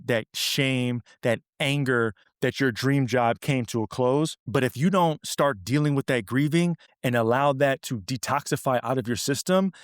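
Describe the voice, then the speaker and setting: A man's voice: medium pitch, no echo, studio quality. A middle-aged man hosting a podcast, speaking earnestly and directly about grief, repeating phrases for emphasis. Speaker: podcast host. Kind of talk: reflective motivational talk.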